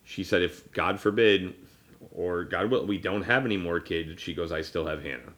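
Deep-voiced man in his thirties, halting. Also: fairly bright tone. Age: 30s. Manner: rambling, halting with many fillers and restarts. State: choked up. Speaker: podcast host. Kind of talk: casual personal conversation.

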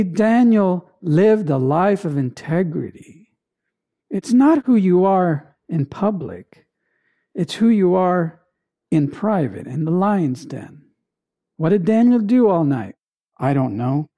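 Slow, mellow-voiced preacher. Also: mid-range voice, lively intonation. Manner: emphatic, with dramatic pauses and repeated phrases. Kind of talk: sermon.

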